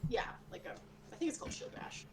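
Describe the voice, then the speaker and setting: A woman acting as game master, narrating a tabletop game in a casual, relaxed way full of fillers. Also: fast, background noise.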